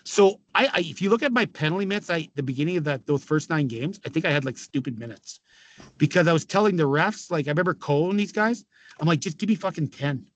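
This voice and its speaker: A man's voice: a little high, animated, fast. A man in his fifties with a Canadian accent, a former hockey player telling stories in a casual chat, often swearing, laughing and acting out what others said. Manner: swearing, laughing, acts out quotes. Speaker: podcast guest, former pro hockey player. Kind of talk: casual storytelling.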